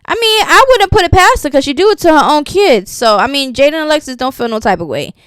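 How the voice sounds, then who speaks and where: A woman's voice: high-pitched, lively intonation, fast talker, fairly bright tone, no echo, studio quality. A woman giving sassy, casual gossip commentary, reading posts aloud and reacting to them. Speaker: commentary channel host.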